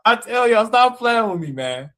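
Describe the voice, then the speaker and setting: A man's voice: very high voice, sing-song, moderate pace, pushed and bright. A man in a heated livestream rant, mocking and challenging, repeating his dares. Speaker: live stream guest debater. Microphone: live stream call mic.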